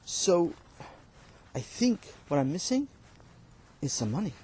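A man's voice: on the high side, sing-song, slow pace, dark tone, breathy edge, full character voice. A man voicing a poor, timid farmhand who hesitantly pleads for his wages. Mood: timid pleading. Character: poor timid male farmhand asking for pay.

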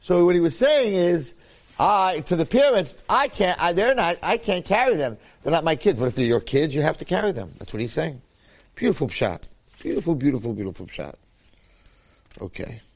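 Guy teaching torah informally, kinda high voice, lots of repeating and acting stuff out. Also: moderate pace. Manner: animated, acts out quotes, repeats phrases.

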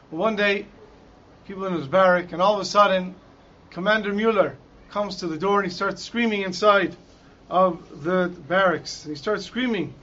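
High-pitched guy giving a torah class, dramatic storytelling, dull lo-fi sound. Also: slight background noise. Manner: dramatic storyteller, shouting out quoted lines. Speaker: Torah teacher. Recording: dull lo-fi recording.

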